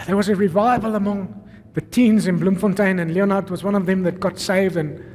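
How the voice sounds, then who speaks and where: A South African man, a pastor, preaching an energetic sermon full of rhetorical questions and calls to the congregation. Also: sits high, a little fast. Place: church. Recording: long reverb of a church hall.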